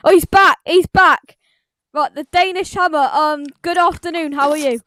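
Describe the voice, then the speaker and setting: A man's voice: very high-pitched, a little slow, sharp tone, poor audio. A man hosting a casual livestream, rambling with many fillers. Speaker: host.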